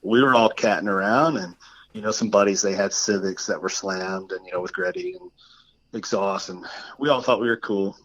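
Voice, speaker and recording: Low-voiced man telling a rambling story. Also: normal speed, highs cut off. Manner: rambling, filler-heavy, acts out quoted voices. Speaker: podcast guest. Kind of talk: casual storytelling.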